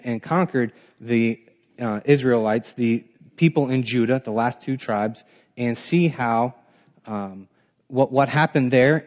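A man's voice: medium pitch, darkish tone. Man teaching a Bible class, lo-fi. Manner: reads scripture aloud then explains it plainly, with restarts.

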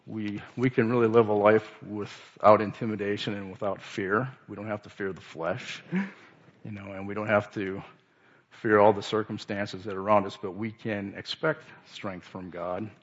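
Halting man giving a casual sermon. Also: lowish voice, flat delivery, lo-fi sound. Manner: halting, many restarts and fillers. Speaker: lay speaker. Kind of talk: informal sermon.

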